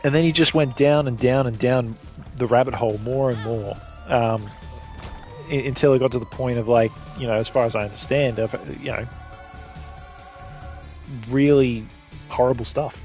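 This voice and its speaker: A man's voice: medium pitch, fairly even intonation, normal speed, pauses often, a little mellow, soft background music. A man with an Australian accent chatting casually while streaming a game, rambling from point to point and swearing freely. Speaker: gaming streamer.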